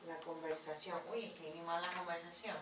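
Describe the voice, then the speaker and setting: A woman's voice: on the low side, level tone, fast, noisy background. A woman teaching a Spanish class in English with a Spanish accent, patiently repeating key words. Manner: patient, repeats key words, writes on board while talking. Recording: echoey classroom from far off.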